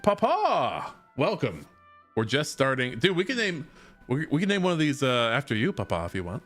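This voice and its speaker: A man's voice: medium pitch, sing-song, a little fast, fairly bright tone, faint music behind. A man streaming a video game, chatting casually and joking with his viewers. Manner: chatty and joking, reads game text aloud. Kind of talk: casual let's-play chat.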